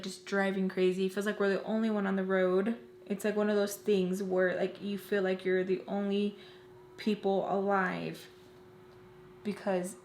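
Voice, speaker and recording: A woman's voice: medium pitch, a little mellow, slight background noise. A woman vlogger telling a personal story in a casual, emotional way, with many fillers. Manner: emotional, rapid retelling full of "like". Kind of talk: casual storytime while doing makeup. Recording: roomy echo.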